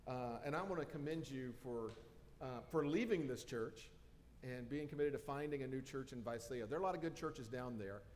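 A man's voice: mid-range voice, brisk, a little mellow, a little hiss or hum. Male pastor, casual joking delivery full of fillers, reverberant sanctuary sound. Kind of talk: conversational sermon. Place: church sanctuary.

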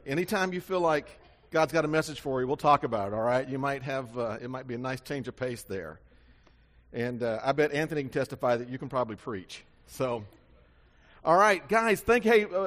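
A man's voice: on the high side, a bit bright. A man preaching a sermon as pastor, talking in a conversational, self-deprecating way with frequent restarts. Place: church sanctuary. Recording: long reverb of a church hall.

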